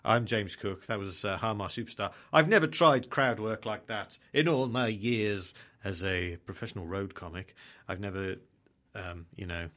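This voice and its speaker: A man's voice: on the low side, moderate pace, a bit bright. A man from the hosting a radio comedy show, chatting casually with rambling, self-deprecating asides.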